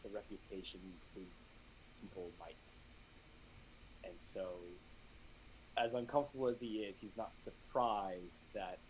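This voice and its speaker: A man playing a character in a tabletop game, describing him calmly in third person. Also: lowish voice, measured pace, pauses often, a little hiss or hum, low-quality recording. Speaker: player.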